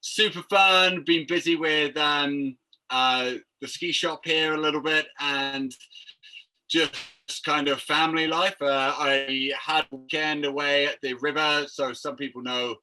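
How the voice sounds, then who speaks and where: A British man co-hosting a podcast, upbeat and quick to laugh in casual banter. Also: fairly high pitch, fairly even intonation, pushed and bright, rough recording. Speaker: podcast co-host.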